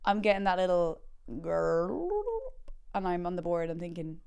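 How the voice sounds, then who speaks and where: Young Irish woman, comedy podcast host, animated storyteller, smooth and clear. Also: normal speed. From Ireland. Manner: chatty, animated, acts out quotes with big pitch jumps. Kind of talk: comic storytelling.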